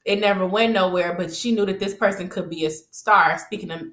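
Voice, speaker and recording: A woman casually recapping a TV episode, chatty and rambling, with frequent laughs and animated retelling. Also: mid-range voice, brisk, roomy sound.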